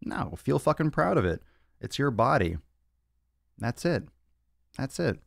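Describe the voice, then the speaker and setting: With a medium-pitched, gravelly voice that turns sing-song, this young man speaks at a measured pace with no echo. He hosts a casual fitness podcast livestream from a home studio of monitors and cameras, answering viewer questions with brash, profane humor.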